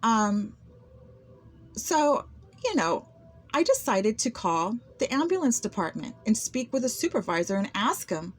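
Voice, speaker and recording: A woman's voice: fairly high pitch, big pitch swings, unhurried. A woman talking to camera in an unscripted vlog monologue, aggrieved and often repeating words and restarting. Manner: aggrieved, with frequent word repetitions and restarts. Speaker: vlogger recounting personal experiences.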